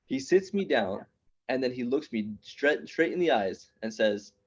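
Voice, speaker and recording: A man in his thirties performing stand-up, talking in an animated, punchy way and throwing quick asides to the audience. His voice sits in an ordinary middle pitch. The recording sounds a little muffled and dull. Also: breathy edge. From immigrant raised in New York City. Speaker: stand-up comedian at open mic. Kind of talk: stand-up comedy storytelling.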